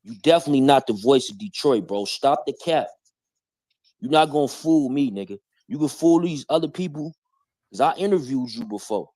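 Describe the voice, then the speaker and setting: A man hosts a live stream and picks apart claims in blunt, confrontational street slang. His voice sits at an everyday pitch. The sound is dry, with no room echo. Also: lively intonation, moderate pace, dark tone. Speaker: stream host. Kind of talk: heated live-stream commentary.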